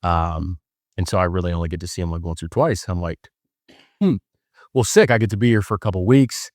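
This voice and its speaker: A man's voice: low-pitched, brisk, a little mellow, dry recording, studio quality. A young man hosting a podcast, telling stories in a loose, joking way with lots of fillers. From Wisconsin. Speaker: podcast host. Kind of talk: casual storytelling monologue.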